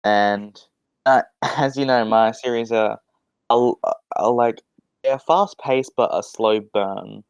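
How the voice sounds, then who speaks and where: A man's voice: medium pitch, takes it slowly, vocal fry, smooth, no echo, muffled recording. A young man in casual podcast chat, rambling and swearing, with many restarts. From Australia. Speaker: podcast guest.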